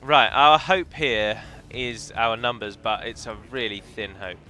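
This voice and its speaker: A man chatting his way through a strategy game with a bright, forceful voice, wandering into opinionated tangents. His tone sits mid-range, and faint game music plays underneath. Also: mid-range voice, unhurried. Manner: chatty, rambling, opinionated asides. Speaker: game modder and let's player. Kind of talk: casual gameplay commentary.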